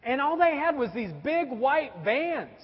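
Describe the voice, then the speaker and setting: A man's voice: very high-pitched, expressive, a little slow. A man in his forties, a pastor telling a story in a sermon with a conversational, wry humor. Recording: dull sound with long hall reverb.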